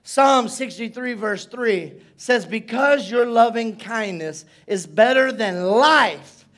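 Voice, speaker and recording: A man preaching as pastor in a church service, telling stories with playful asides and building to loud shouts. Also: very high-pitched, lively intonation, slow pace. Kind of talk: sermon.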